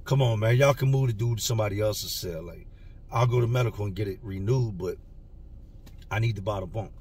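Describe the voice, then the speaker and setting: A man's voice: lowish voice, a little fast, distant mic, a little hiss or hum. A man casually telling a story about his past in street slang, acting out the dialogue. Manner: street slang, animated retelling with quoted dialogue. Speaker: storyteller recalling prison time.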